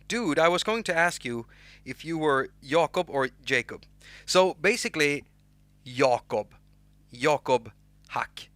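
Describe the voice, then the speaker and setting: A young Swedish music producer hosts an unscripted livestream, talking loosely with a Swedish accent, restarting words and reading chat names aloud as he rambles. His mid-range voice is pushed and bright, clear and resonant, with no room sound.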